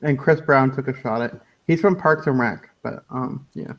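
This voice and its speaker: A man's voice: medium pitch, normal speed, highs cut off. A man hosting a casual online radio chat, loose and laughing, often trailing off into mumbles. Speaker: podcast host.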